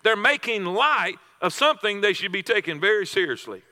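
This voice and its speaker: A man's voice: high voice, sing-song, brisk, pushed and bright, in a large hall. A man preaching a sermon to a congregation, emphatic, repeating phrases and restarting himself. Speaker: pastor.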